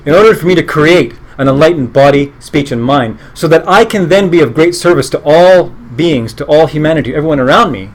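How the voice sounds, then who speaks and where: Animated man teaching meditation. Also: a little high, a little fast, hardly any pauses. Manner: conversational, earnest, self-interrupting; joking asides. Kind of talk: live class talk.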